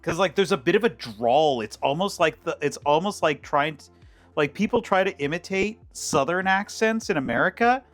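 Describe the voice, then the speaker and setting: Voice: medium pitch, expressive, moderate pace. A cooking streamer chatting casually while making a dish, rambling with many fillers and restarts. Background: faint background music.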